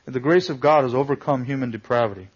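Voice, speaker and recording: A man's voice: medium pitch, fast talker, breathy edge, muffled recording. A man preaching a sermon, building to emphatic swells and asking the listeners rhetorical questions. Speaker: pastor.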